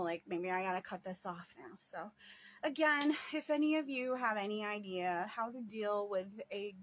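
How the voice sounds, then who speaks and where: A woman caring for her parents, talking in a rambling casual video diary, laughing often and sighing. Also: mid-range voice. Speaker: vlogger and family caretaker.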